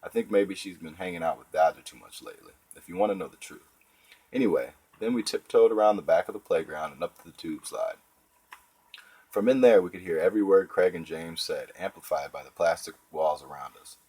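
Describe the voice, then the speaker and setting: A man's voice: low-pitched, a little fast, darkish tone, breathy edge, poor audio. A man narrating a children's book in first person, wry and conversational. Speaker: audiobook narrator.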